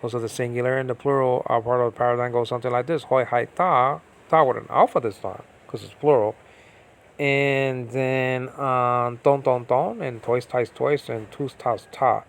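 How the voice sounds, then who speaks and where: A man's voice: mid-range voice, steady tone, normal speed, low-quality recording. A man teaching Biblical Greek grammar from home in a casual, rambling way, full of fillers and asides. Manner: rambling, talks to himself, many fillers. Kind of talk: casual online lesson. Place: at home during a storm.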